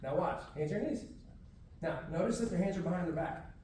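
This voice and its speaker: A high-voiced man teaches a martial arts class in a firm, drill-like way. He is from Houston and commands the children with short orders. The sound is roomy and distant, as if picked up by a far-off camera in a large echoing room. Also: expressive, a little fast, heavy background noise. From Houston, Texas. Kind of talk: teaching a class to kids and parents. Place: library room, echoey.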